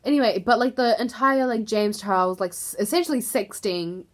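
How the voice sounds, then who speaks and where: Chatty young woman with a high voice. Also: moderate pace. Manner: chatty, frequent "like" fillers, exasperated asides. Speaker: YouTuber. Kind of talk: casual gossip vlog.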